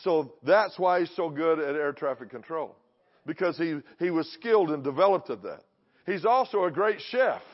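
A man's voice: fairly high pitch, expressive, normal speed. A man preaching a sermon to a church congregation, emphatic, repeating phrases and putting questions to the crowd. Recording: dull lo-fi recording.

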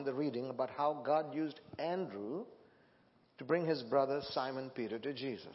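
Preaching as a guest in an echoing church sanctuary, this man with a slightly high voice builds from emotional stories into loud proclamations. The sermon was captured on a handheld or stand microphone and sounds dull, with long hall reverb.

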